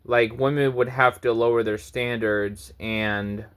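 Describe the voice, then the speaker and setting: A man's voice: medium pitch, steady tone, a little slow, smooth. A man in his thirties ranting to camera in a preachy, confrontational vlog monologue, swearing often. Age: 30s. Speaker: vlogger.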